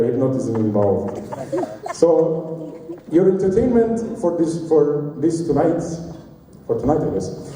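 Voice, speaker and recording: A man's voice: a little high, dark tone, slight background noise. Forties male emcee, stand-up patter, heard far off through a long hall reverb with faint room ambience. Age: 40s. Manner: joking, self-mocking. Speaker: event emcee. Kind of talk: stand-up comedy hosting. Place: large party hall. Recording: distant, roomy hall recording.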